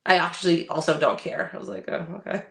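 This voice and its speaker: A woman with a lowish, gravelly voice chats casually as a podcast co-host. She tells stories bluntly, swears freely and acts out the lines people said to her. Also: fairly even intonation, quick pace, fairly bright tone. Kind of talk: casual chat.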